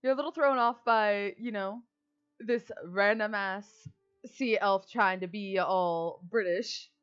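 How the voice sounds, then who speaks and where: A woman's voice: mid-range voice, slow pace, fairly bright tone, clear, resonant tone, lo-fi sound, faint music behind. A woman running a tabletop game as game master, talking casually with many fillers.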